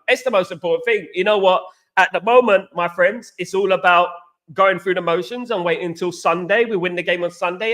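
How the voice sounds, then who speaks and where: An Englishman from England hosts a casual live stream, chatting with viewers and reading out their comments while calling them "guys" and "mate." His voice is high with a fairly bright tone.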